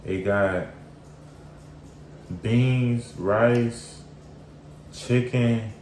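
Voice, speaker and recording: A man's voice: mid-range voice, fairly even intonation, very slow, a little mellow. A man in a casual chat while eating, joking and teasing in easygoing banter. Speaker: mukbang co-host. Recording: echoey room, faint background hiss.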